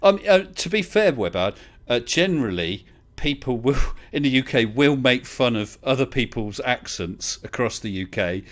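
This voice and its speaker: A man's voice: mid-range voice, expressive, normal speed, hardly any pauses. A man from the UK hosting a casual live online chat, chatty and teasing, laughing often. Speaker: livestream host.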